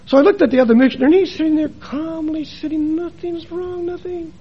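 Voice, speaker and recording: A man preaching a sermon as a missionary, telling stories and moving between quiet and emphatic delivery. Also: very high voice, brisk, lo-fi sound.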